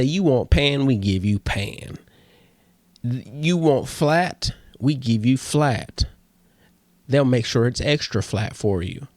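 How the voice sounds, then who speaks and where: A man's voice: mid-range voice, no echo. A man hosting a casual solo podcast, talking playfully and slipping into a radio DJ countdown voice. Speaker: podcast host.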